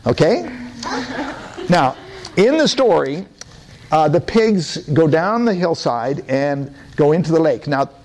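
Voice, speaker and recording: Slow, playful pastor man. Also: a little high, lively intonation, a little mellow, rough recording. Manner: slow, playful and coaxing, with frequent laughter. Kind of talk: children's sermon storytelling.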